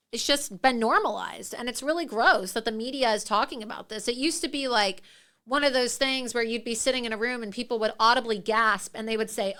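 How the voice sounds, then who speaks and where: A woman hosting a political talk show rants with indignation, laughing mid-sentence as she delivers opinionated commentary. Her voice is fairly high-pitched, with a sharp yet smooth tone.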